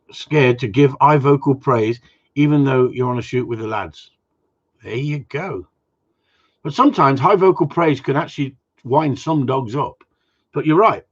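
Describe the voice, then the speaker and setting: A man's voice: medium pitch, slightly rough. A man who trains gundogs, answering viewer questions in a blunt, rambling way with casual swearing. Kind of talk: casual Q and A chat. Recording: dull lo-fi sound.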